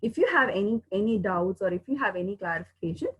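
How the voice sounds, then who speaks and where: A woman's voice: mid-range voice, animated, fast, slightly rough, highs cut off. A woman from India with an Indian English accent, teaching an online pronunciation lesson, repeating words and spelling them out letter by letter.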